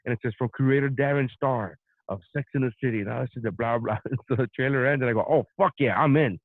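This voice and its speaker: A man's voice: mid-range voice, fast talker, dry recording. A man co-hosting a podcast, telling a story in casual chat with lots of swearing. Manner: profane, animated storytelling. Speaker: podcast co-host. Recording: tinny phone-like line.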